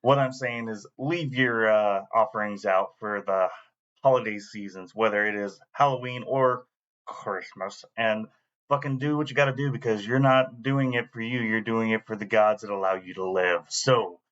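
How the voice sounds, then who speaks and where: A man's voice: lowish voice, steady tone, moderate pace, a bit bright. A man co-hosting a podcast, talking in a laid-back, rambling, profane way. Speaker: podcast co-host. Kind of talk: casual chat. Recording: dull lo-fi glitchy recording.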